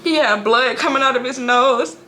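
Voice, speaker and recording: A mother speaking to camera about a personal loss, halting and emotional, often restarting her sentences. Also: high-pitched, sharp tone, slight background noise. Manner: halting, emotional storytelling with frequent restarts and profanity.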